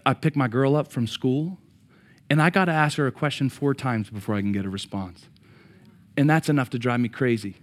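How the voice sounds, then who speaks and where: A middle-aged man preaching a sermon, swinging from loud excited peaks to quiet reflection and repeating words as he restarts. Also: medium pitch. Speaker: pastor.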